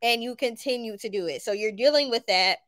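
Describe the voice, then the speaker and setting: A woman's voice: fairly high pitch, a little fast, a bit bright, dry recording. A woman with a Southern US accent giving a tarot reading to viewers, talking emphatically and repeating her points. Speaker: tarot reader.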